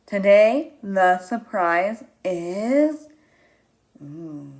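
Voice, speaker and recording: A woman reads a picture book aloud to young children at an unhurried pace. She is animated and expressive, with frequent gasps and drawn-out words. She stops often to ask the children questions. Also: medium pitch. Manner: asks the children questions and pauses for them. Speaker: teacher reading a picture book.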